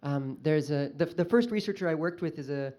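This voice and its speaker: A man's voice: fairly high pitch, fairly quick, darkish tone. Hesitant man asking from the audience. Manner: hesitant, restarts, effusive thanks. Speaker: audience member asking a question. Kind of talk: Q&A question from the floor.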